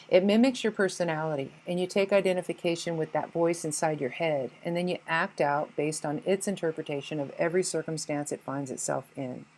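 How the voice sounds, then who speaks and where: A woman's voice: sits low, darkish tone, poor audio. A woman giving a scripted spiritual presentation, earnest and blunt, with occasional swearing. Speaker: spiritual speaker.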